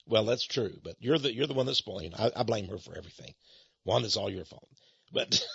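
A man hosts a radio show in a rambling, teasing, folksy way, often chuckling. His voice is gravelly and a bit husky. The studio sound is dry and slightly dull. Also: on the low side, expressive, moderate pace, fairly bright tone, no room sound.

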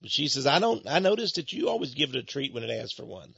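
A man hosts a radio show in a rambling, teasing, folksy way, often chuckling. His voice is gravelly and a bit husky. The studio sound is dry and slightly dull. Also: mid-range voice, sing-song, fast talker, fairly bright tone, dry recording.

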